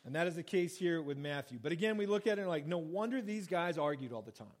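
A man preaching a sermon, reading scripture and then explaining it in a casual, conversational way, acting out quoted lines. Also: fast talker. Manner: conversational, acts out quoted lines with lively pitch jumps. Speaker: pastor. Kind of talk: sermon, Bible reading and teaching.

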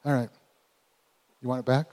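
A man in his forties, a pastor, telling a personal story in a sermon, animated and folksy, with chuckling asides. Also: medium pitch, moderate pace, in a large hall, slight background noise.

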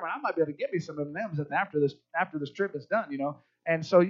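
Middle-aged male pastor, lively sermon delivery with acted-out voices; high-pitched, dry, dull sound. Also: no room sound. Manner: animated, acts out kids and parents in voices.

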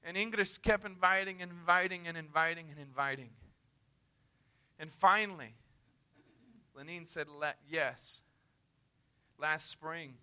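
A man's voice: on the high side, a little slow, pauses often, sharp tone, clean tone. A man preaching a missions sermon, telling a story in an earnest, emphatic, conversational way.

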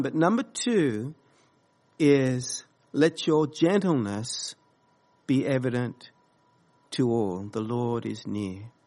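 Slow, earnest male preacher. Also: medium pitch. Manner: slow, halting, earnest preaching with many fillers. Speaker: pastor. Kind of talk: sermon.

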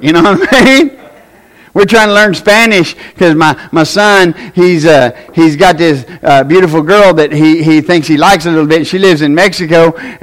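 Man, Tennessee accent, high-pitched, folksy sermon, loud then hushed. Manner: folksy, plain-spoken, swings from shouted preaching to soft asides. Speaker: preacher.

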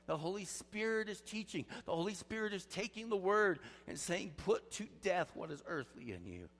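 A pastor delivering a sermon in a fairly high voice for a man. He drops to a hushed, earnest intensity and then rises to loud, pleading emphasis. The sound carries a long reverb from a large hall. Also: animated, normal speed, vocal fry, hardly any pauses.

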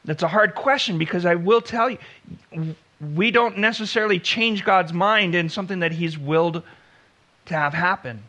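A man preaching a sermon in an earnest style, slowing down to stress key words. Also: high voice, bright, forceful tone. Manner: earnest preaching, slows for emphasis, acts out biblical dialogue. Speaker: pastor.

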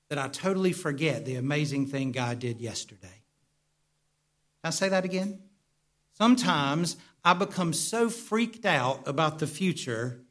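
Male pastor, higher register, animated conversational sermon delivery with frequent call-outs to the congregation. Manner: animated, calls for responses from the congregation; stumbles and repeats words, conversational.

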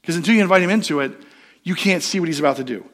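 Male pastor, conversational sermon delivery, a touch higher-pitched, storytelling with questions to the room. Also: racing, fairly bright tone.

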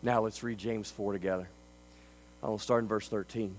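A man preaching a sermon as a pastor. He delivers it emphatically, swinging between quiet stretches and loud ones. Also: fairly low pitch, fairly even intonation, moderate pace, pauses often, low-quality recording.

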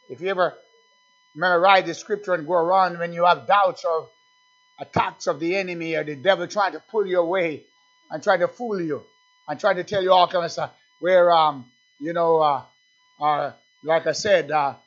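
A male pastor preaching a sermon, swinging between loud shouted declarations and low murmured asides. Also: normal speed, lo-fi sound.

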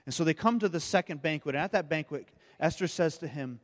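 Guy preaching, storytelling sermon, stumbles and repeats words, voice a bit high. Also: fast, few pauses, big-room sound. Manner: storytelling with frequent word repeats. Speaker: pastor.

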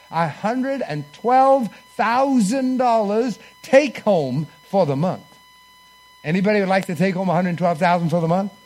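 A man's voice: high-pitched, a little mellow. A man preaching a sermon in church, telling a personal story and leading the congregation in call-and-response.

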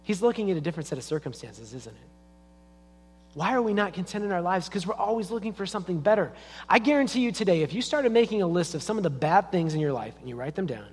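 A man's voice: high voice, sing-song, fast talker, breathy edge. A man preaching a sermon as a pastor in a church, in a conversational storytelling way. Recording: long reverb of a church hall.

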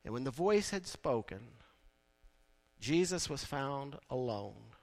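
A man preaching a sermon in a conversational way, building now and then to loud, emphatic peaks. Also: mid-range voice, expressive, slow, vocal fry. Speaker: pastor.

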